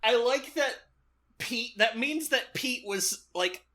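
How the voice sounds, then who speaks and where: A podcast co-host talks slowly about a film, the voice bright and moving freely in pitch. Dry jokes come often, and so does laughter. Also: animated. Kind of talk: casual chat recapping a film.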